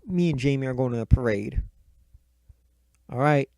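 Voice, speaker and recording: A man's voice: medium pitch, moderate pace, dark tone, no echo, close to an everyday voice. A man voicing a furious, fed-up wife who swears and snaps at her husband, his voice jumping far above his own. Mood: angry. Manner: profane, snapping.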